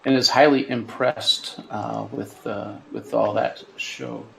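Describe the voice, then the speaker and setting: A man playing a tabletop game, describing his character's moves haltingly, with many pauses. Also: lowish voice, fairly even intonation, creaky, a bit bright, slight background noise, poor audio. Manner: halting, hesitant. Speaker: player.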